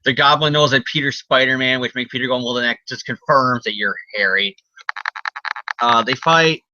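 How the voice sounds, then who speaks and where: A man's voice: medium pitch, normal speed, sharp tone, no room sound, lo-fi sound. A man co-hosting a casual comic podcast, recapping stories with jokes, silly voices and swearing.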